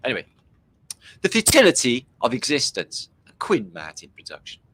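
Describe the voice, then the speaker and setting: A man's voice: mid-range voice, wildly swooping pitch, normal speed, fairly bright tone, dry recording, poor audio. A man hosting a livestream, making sarcastic jokes and slipping into silly voices. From Britain. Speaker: livestream host. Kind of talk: casual mocking commentary.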